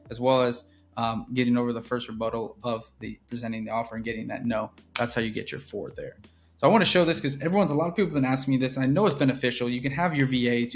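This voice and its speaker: A man walking through his sales process in a casual teaching style, keeps checking in with "right?". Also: medium pitch. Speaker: real estate business owner teaching sales. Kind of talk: casual instructional walkthrough.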